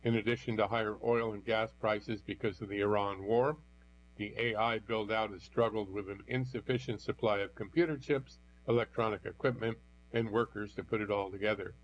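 A man with a fairly low voice reads news articles aloud, keeping a steady, even delivery. The recording is dull and lo-fi. A faint mains hum runs underneath. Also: a little fast. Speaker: news reader.

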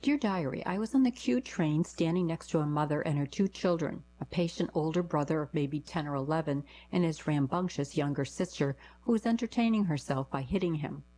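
A woman's voice: low-pitched, a little fast, hardly any pauses, mellow, a little hiss or hum, poor audio. A woman reading short first-person anecdotes aloud, giving quoted lines a lift in her voice.

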